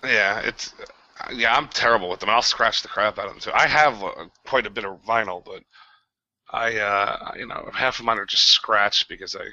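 Bright-toned easygoing man, lo-fi. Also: on the low side, moderate pace, no echo. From New Jersey. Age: 30s. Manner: easygoing, filler-heavy, laughs along. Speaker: podcast guest. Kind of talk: casual podcast chat.

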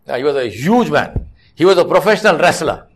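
Man giving a sermon, fairly high voice, earnest and a bit scolding, storytelling. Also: very animated, brisk. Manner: earnest, scolding rhetorical questions; storytelling with frequent restarts. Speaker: mosque preacher.

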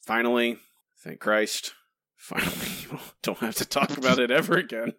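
Gravelly-voiced man hosting a podcast. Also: medium pitch, pushed and bright, dry recording, studio quality. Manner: quick, joking, laughs often. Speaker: podcast co-host. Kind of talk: casual comics podcast banter.

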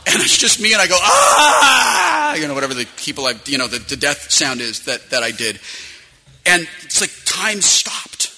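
Bright, rambling male voice actor. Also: medium pitch, brisk, a little hiss or hum. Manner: rambling, animated, self-mocking. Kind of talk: anecdotal storytelling.

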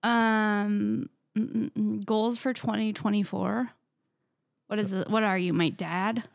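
A woman's voice: medium pitch, fairly even intonation, takes it slowly, creaky, dry recording, clean studio sound. A young woman co-hosting a podcast, chatting casually in a blunt, joking, profane way. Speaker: podcast co-host. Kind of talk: casual chat.

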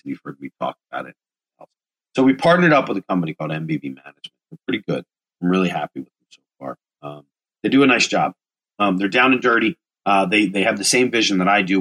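A man's voice: low voice, fairly bright tone, breathy edge, rough recording. A man in his forties hosting a casual solo podcast, rambling loosely, swearing and correcting himself as he goes. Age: 40s. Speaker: podcast host.

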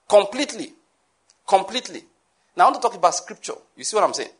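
A man preaching a sermon, emphatic, repeating key phrases and sometimes bursting into shouts. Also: high voice.

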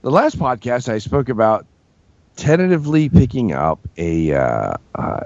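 A man's voice: medium pitch, sing-song, a little slow, a little mellow, dry recording, dull audio. A man co-hosting a podcast, joking and swearing casually while he has the hiccups. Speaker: podcast co-host. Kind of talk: casual chat.

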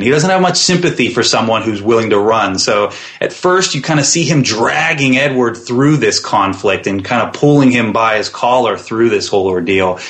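A man's voice: mid-range voice, fairly bright tone. A man, guest on a podcast, describing his web series in a thoughtful interview style with plenty of fillers and restarts.

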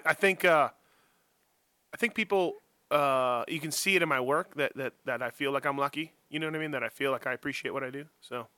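This podcast guest, a motocross journalist at home in his office, rambles casually, poking fun at himself and restarting often amid lots of fillers. His voice is on the high side, bright and forceful, with no audible room.

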